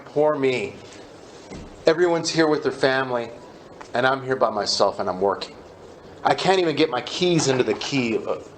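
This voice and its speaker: A man candidly telling his personal recovery story in a conversational, halting way at a meeting. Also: medium pitch, a bit bright, a little hiss or hum.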